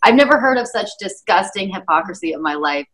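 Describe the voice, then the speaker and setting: A woman's voice: mid-range voice, animated, a little fast, fairly bright tone. A woman panelist in a political talk show, indignant and emphatic. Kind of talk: political commentary chat.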